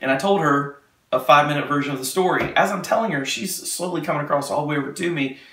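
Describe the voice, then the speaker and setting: A man telling a testimony story with animation, retelling quickly and acting out the quotes. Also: on the high side, a bit bright, slight background noise. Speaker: speaker giving a testimony. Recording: echoey room, mic far off.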